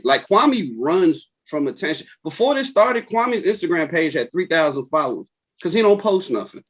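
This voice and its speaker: A man's voice: fairly high pitch, moderate pace. A man, a guest on a podcast, chatting casually and telling a story animatedly, acting out what others said. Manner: animated storyteller who acts out others' words.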